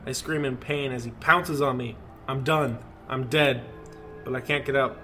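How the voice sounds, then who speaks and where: A man's voice: mid-range voice, fairly even intonation, normal speed, pushed and bright, faint music behind. A man co-hosting a podcast, reading a creepy story aloud and breaking off to laugh and joke. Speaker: podcast co-host.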